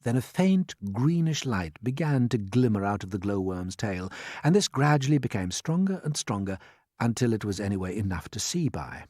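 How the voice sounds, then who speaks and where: A narrator reading a children's storybook aloud in an expressive, swooping storytelling manner. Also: mid-range voice, normal speed, no room sound, studio quality. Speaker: audiobook narrator.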